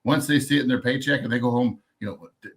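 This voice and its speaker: A man's voice: medium pitch, quick pace. A man talking on a panel as a dealership service director. His speech is loose and unpolished, and he often restarts his sentences. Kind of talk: panel discussion.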